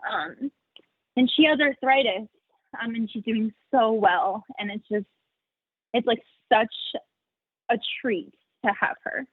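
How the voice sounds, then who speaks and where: A chatty young woman with a fairly high voice talks warmly and loosely, filling her answers with "like" and quick laughs. The sound is dry and narrow, as if over a phone line. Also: no echo. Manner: chatty, many "like" fillers, laughs often. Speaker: sanctuary founder, interview guest. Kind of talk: casual interview answers.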